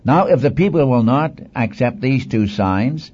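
A man's voice: medium pitch, big pitch swings, measured pace, a little mellow, husky. A man preaching a sermon in an earnest, exhorting manner, repeating phrases for emphasis, on a dull lo-fi recording.

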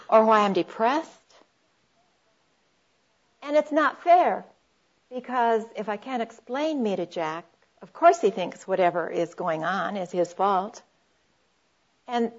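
A woman's voice: fairly high pitch, lively intonation, takes it slowly, pauses often, highs cut off. Earnest woman giving a talk on marriage. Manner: earnest, warm, addresses the audience as friends, quotes scripture. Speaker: speaker on Christian marriage. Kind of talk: sermon-style talk to a live audience.

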